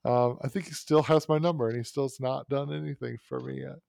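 A man telling a personal story in casual chat, animated, with many fillers and restarts. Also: medium pitch, brisk, creaky, dry recording, clean studio sound.

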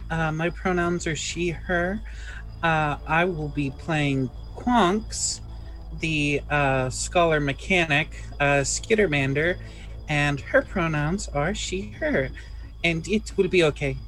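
A woman player on a tabletop game podcast, introducing herself in a soft, reassuring way. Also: sits low, slow, faint music behind, poor audio. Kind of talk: casual podcast chat.

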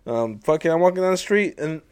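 On a casual podcast, a young male co-host swears his way through rambling talk, laughing frequently and acting out quotes. His clean-toned voice runs on the high side, expressive and at normal speed.

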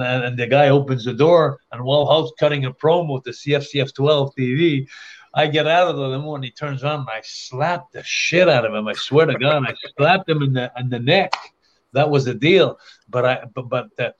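A man's voice: on the high side, muffled recording. An older man from Canada, a guest on a podcast, telling long rambling anecdotes with frequent restarts and bursts of laughter. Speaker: interview guest. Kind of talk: casual storytelling.

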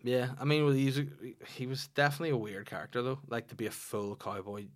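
A man co-hosting a podcast, firing off quick teasing jokes and laughing often. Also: mid-range voice. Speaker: podcast co-host. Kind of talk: casual comedic chat.

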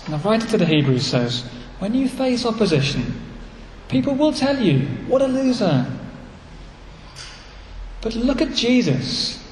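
A man with an English accent preaching a sermon as a pastor, earnest and animated, repeating key phrases. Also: high-pitched, normal speed, slight background noise. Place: church. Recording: echoey church hall, faint ambience.

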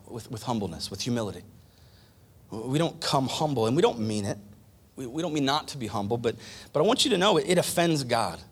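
A man preaching a sermon as pastor, repeating phrases for emphasis and swinging from loud declarations to hushed near-whispers. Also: medium pitch, husky.

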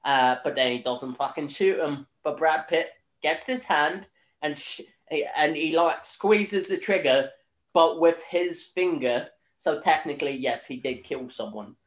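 A man's voice: fairly high pitch, unhurried. A young Northern Irish man recapping a film in casual chat, rambling with lots of fillers, swearing and laughing. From Northern Ireland. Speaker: podcast host. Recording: echoey room.

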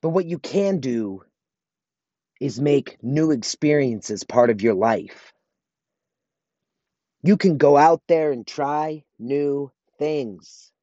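A man's voice: fairly high pitch, lively intonation, takes it slowly, long pauses, dark tone, no echo, highs cut off. A married man hosting his own podcast alone, talking earnestly and motivationally, repeating phrases for emphasis. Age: adult, married. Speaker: podcast host. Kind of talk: solo podcast monologue.

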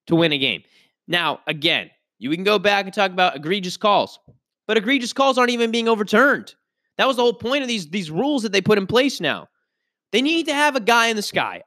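Guy with a high bright voice doing a solo sports rant, fired up and pushy, restarts a lot, dry close sound. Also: no room sound. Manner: frustrated, emphatic ranting with repeated restarts. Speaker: podcast host. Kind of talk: solo sports opinion podcast.

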